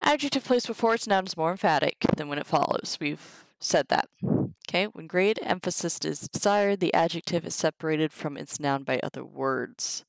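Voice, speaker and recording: Low-voiced woman studying Latin on stream. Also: expressive, creaky, dry recording, poor audio. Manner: reads Latin aloud slowly, chatty asides. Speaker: streamer teaching herself Latin. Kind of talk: casual live-stream study session.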